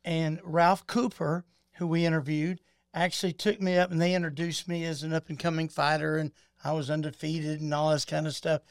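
A man's voice: a little high, level tone, fairly quick, clean tone, no room sound, clean studio sound. A man hosting a casual interview, reacting with enthusiasm. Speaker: host.

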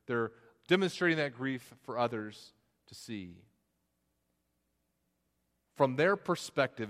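A man's voice: mid-range voice, a bit bright. A man preaching an expository sermon, walking through the text with frequent restarts and repeated words. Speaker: pastor. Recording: long hall reverb.

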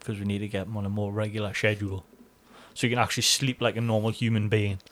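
A man's voice: fairly low pitch, little pitch movement, fast, fairly bright tone. A man with a North East English accent, co-hosting a podcast in casual banter, swearing freely and joking around. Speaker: podcast co-host.

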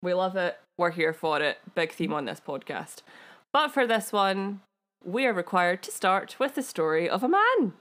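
A woman's voice: fairly low pitch, big pitch swings, moderate pace, fairly bright tone. A Scottish woman co-hosting a podcast, chatting casually and telling a history story with giggly, self-deprecating asides. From Scotland. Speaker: podcast co-host.

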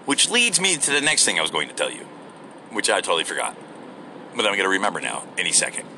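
A man's voice: sits low, huge pitch swings, fast talker, sharp tone, a little hiss or hum. A man ranting casually while driving, rambling and profane, rude and crude by his own account. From United States. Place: in a car on the road.

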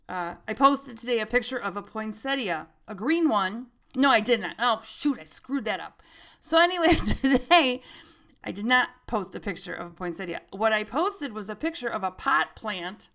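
A woman's voice: on the high side, a bit bright. A middle-aged woman hosting a podcast, telling stories in a chatty way and laughing often. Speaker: podcast host. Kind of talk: casual chat.

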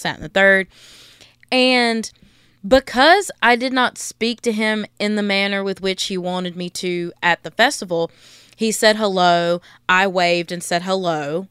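A young woman telling a story on her podcast in a casual, blunt rant full of swearing. Her voice is smooth and clear, recorded close and dry with no room sound. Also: medium pitch, no room sound. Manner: blunt, profane, animated venting. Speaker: podcast host.

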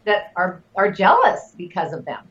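Middle-aged woman guest, earnest and animated, bit of a dull lo-fi sound. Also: on the low side, moderate pace, crowd noise. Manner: earnest, animated, lots of fillers. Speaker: guest, network marketing leader. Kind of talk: casual interview talk.

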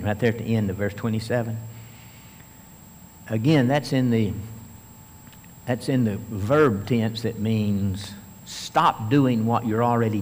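Slow-preaching man in a reverberant hall. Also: on the low side, darkish tone, a little hiss or hum. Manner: preaching with rising emphatic bursts and slow stressed phrases. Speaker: pastor. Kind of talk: sermon.

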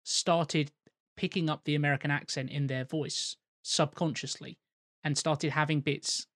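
Slightly high-voiced podcast man. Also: fairly even intonation, a little slow, a bit bright, no echo, studio quality. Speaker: podcast co-host. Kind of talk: casual chat.

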